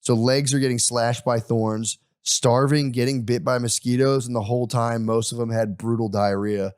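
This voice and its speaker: A man's voice: mid-range voice, steady tone, moderate pace, a little mellow, no room sound, studio quality. A young man hosting a podcast, casually retelling a history story with crude humor and voiced quotes.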